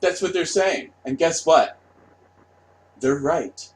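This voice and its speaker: Profane ranting man, slow delivery. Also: on the high side, animated. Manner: profane, mocking, shouty outbursts. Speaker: commentary channel host. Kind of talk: ranting monologue.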